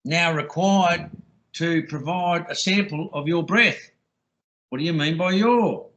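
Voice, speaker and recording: A man's voice: on the high side, takes it slowly, fairly bright tone, highs cut off. A man on a call, recounting a police stop in a crude, insistent, mocking way. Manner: mocks the officer's lines, crude and insistent. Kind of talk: rambling call-in monologue.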